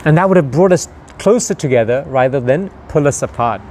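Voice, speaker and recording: A man's voice: mid-range voice, animated, fairly quick, a little mellow, slight background noise. A man giving a motivational talk, conversational and full of rhetorical questions to the listener. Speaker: motivational speaker.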